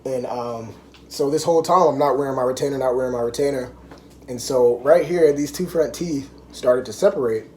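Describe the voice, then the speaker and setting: A man's voice: mid-range voice, brisk, darkish tone, slight background noise. A young man vlogging to camera, telling a story in loose, rambling casual chat full of fillers.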